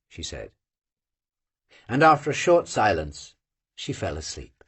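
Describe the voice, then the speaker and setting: An audiobook reader narrating a classic novel in full, slow and measured. The voice is slightly husky and breathy, and its pitch roams widely, dropping low for the narration. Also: big pitch swings, a bit bright.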